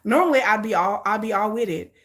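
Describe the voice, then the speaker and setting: A woman's voice: mid-range voice, lively intonation, fast talker. A woman vlogger chatting casually with her viewers, playful and laughing often.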